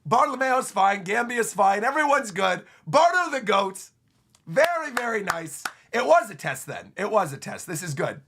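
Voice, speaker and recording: A man streaming a comic reaction live, excitable and emphatic, who often repeats himself. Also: high-pitched, a little slow, vocal fry, husky.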